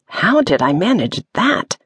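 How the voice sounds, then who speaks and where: A woman voicing a frantic, brave young girl apprentice mage, breathless and quick in a storybook reading. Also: lowish voice, sing-song, breathy edge, no room sound, voice pushed up, exaggerated voice. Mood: dazed.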